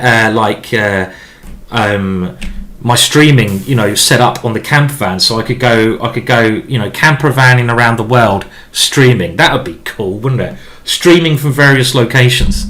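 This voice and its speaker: A man's voice: mid-range voice, fairly bright tone. A man streaming a chess game live. He thinks aloud in a chatty, rambling way with many restarts as he explains his moves.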